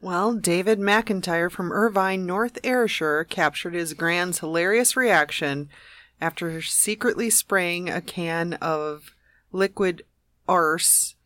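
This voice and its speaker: A woman's voice: lowish voice, slow pace, a bit bright, no room sound, studio quality. A woman co-hosting a comedy show, reading strange news stories and laughing through them.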